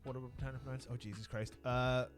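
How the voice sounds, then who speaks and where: A man's voice: mid-range voice, little pitch movement, fast, soft background music. A young man with a Northern Irish accent, co-hosting a live stream with crude, swearing jokes. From Northern Ireland. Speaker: stream co-host. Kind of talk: casual live-stream banter.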